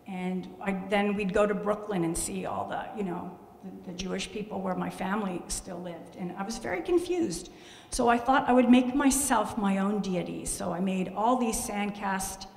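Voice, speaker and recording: Gravelly animated woman in an echoey hall. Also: mid-range voice, a little hiss or hum. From Canada. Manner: animated storytelling, exclaims and jokes at herself. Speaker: glass artist giving a talk. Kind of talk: lively gallery talk showing slides. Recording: echoey hall with long reverb.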